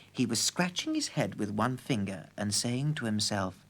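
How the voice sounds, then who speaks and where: A man narrating a children's story in a lively, playful way. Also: mid-range voice, moderate pace.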